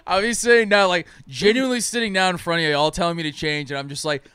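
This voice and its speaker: A young man from Tennessee with a bright, crisp voice, sitting close on a dry mic. He co-hosts a podcast and tells wild, swear-laden stories, talking animatedly and laughing often. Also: high voice, fast, no echo. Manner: animated, profane storytelling with laughter. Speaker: podcast co-host. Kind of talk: casual chat.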